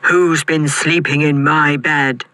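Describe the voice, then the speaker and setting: A reader doing a big gruff father bear. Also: mid-range voice, steady tone, slow, heavy background noise, natural voice. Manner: gruff, growling.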